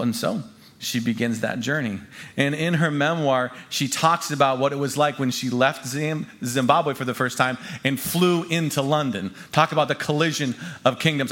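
A man preaching a sermon as pastor, delivering his points with expressive, rising emphasis. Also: on the high side.

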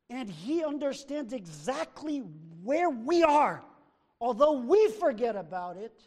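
A man preaching a sermon as pastor, emphatic, swinging between loud declarations and hushed asides. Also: very high-pitched, big pitch swings, unhurried. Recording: long hall reverb.

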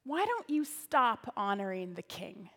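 Sly coaxing male spirit voice, hushed and low, read by a woman in a reverberant church. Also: big pitch swings, measured pace.

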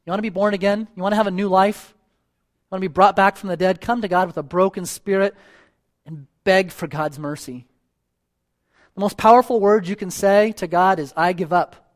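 High-voiced man preaching earnestly. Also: fairly even intonation, normal speed. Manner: earnest, pleading, repeats phrases for emphasis; ends in a spoken prayer. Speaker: elder preaching. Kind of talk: sermon.

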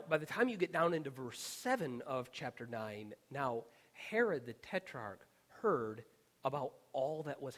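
Husky-voiced pastor preaching earnestly. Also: male voice, medium pitch. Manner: earnest and emphatic, dropping to a hushed whisper on key words. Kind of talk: sermon.

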